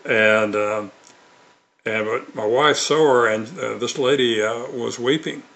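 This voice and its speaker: Here an older man from Mississippi, an author and evangelist, shares stories in an interview with earnest delivery, many fillers, and restarts. His mid-range voice is creaky and fairly bright, moving at a measured pace.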